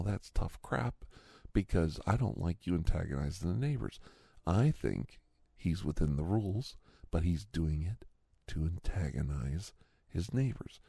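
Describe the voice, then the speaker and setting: A man's voice: low-pitched, gravelly, warm tone, no room sound, clean studio sound. A middle-aged man telling a story in a casual, indignant, rambling way, full of restarts. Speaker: storyteller in a role-play.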